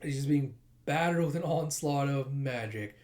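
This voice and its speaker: A man's voice: mid-range voice, moderate pace, darkish tone. Casual, cussing man reading a comic aloud. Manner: casual, profane, with sound effects and laughs. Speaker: comic reader and reviewer. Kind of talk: casual comic book readthrough.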